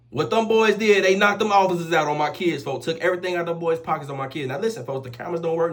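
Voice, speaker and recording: A young man telling a rough story in casual street slang, animated and profane, repeating oaths after every line. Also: fairly high pitch, fast talker, hardly any pauses. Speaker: storyteller vlogger.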